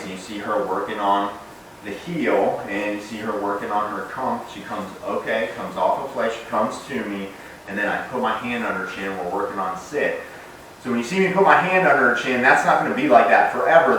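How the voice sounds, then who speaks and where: A young adult dog trainer with a fairly low voice talks casually about puppy training as he works with the dog, relaxed throughout except for bright, sharp commands to the puppy. Slight background noise is present, and the casual instructional demo was recorded from a distance in a very echoey room.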